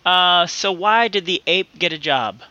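A man's voice: high voice, lively intonation, unhurried, sharp tone, dry recording, muffled recording. A man co-hosting a podcast in casual comedic chat, laughing often and reading jokes out. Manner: giggly, reads out jokes. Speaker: podcast co-host.

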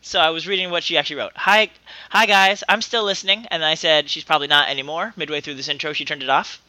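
A man's voice: a little high, steady tone, fast talker, bright, forceful tone, no room sound. A man co-hosting a casual comedy podcast over a call, telling jokes in an exasperated, profane way. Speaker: podcast co-host. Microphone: remote call mic.

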